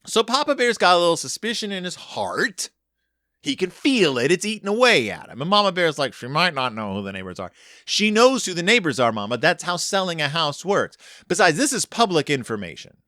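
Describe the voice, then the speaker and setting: Lively, bright-voiced podcast host. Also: male voice, high-pitched, a little fast, dry recording, clean studio sound. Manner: animated, self-correcting asides. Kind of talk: casual chat.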